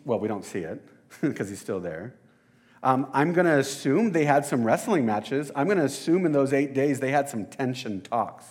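A man's voice: medium pitch, darkish tone. A man preaching a casual sermon, talking conversationally and with some self-deprecation, and addressing the congregation directly.

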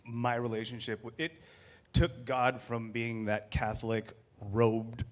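A man in his thirties telling a candid personal story as a guest, animated and self-deprecating, acting out what was said. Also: medium pitch, measured pace.

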